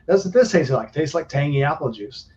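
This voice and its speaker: A man's voice: a little high, lively intonation, a little mellow. Rambling man telling stories, dull lo-fi sound. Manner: rambling storyteller, drawn-out fillers. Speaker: live stream co-host. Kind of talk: casual chat.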